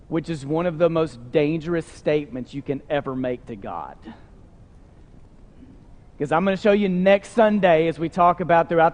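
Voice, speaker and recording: A man preaching a sermon as a pastor, in an earnest, conversational way with frequent fillers. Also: high voice. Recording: long hall reverb.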